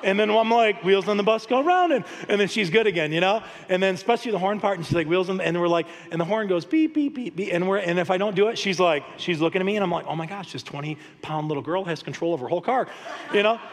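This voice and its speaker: A male pastor with a high, light voice preaches an animated, story-driven sermon. He chuckles through his anecdotes and keeps the tone casual. The sound rings out in a large, reverberant sanctuary. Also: fast talker. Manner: animated, storytelling, laughs often. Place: church sanctuary. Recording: long hall reverb.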